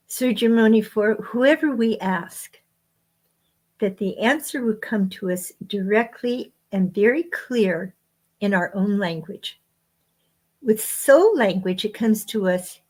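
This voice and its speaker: A woman speaks as a guest author on spiritual matters. She talks in an unhurried, measured way, pausing between short phrases. Her pitch sits in an ordinary middle range. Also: a little mellow. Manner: slow, measured phrasing with frequent pauses. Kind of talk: spiritual teaching talk.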